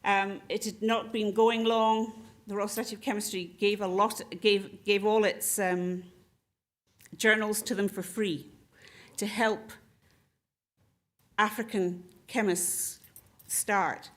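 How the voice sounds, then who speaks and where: An older woman recounts stories from her career to a panel audience. She builds to wry punchlines, and her voice sits at a middling pitch. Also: little pitch movement, takes it slowly. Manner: storytelling with wry humour. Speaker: panelist, former society president. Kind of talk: anecdotal panel talk.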